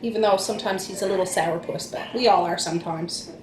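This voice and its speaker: Chatty mom in echoey room. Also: female voice, on the low side, brisk, background noise. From Nova Scotia, Canada. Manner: rambling, chatty, restarts phrases. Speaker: vlog host and mother. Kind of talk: casual chat to camera. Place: home, indoors, with small children around.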